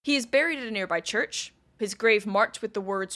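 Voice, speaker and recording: A woman's voice: mid-range voice, normal speed, bright, forceful tone. A woman podcast host telling a history story in a casual, chatty way with wry asides.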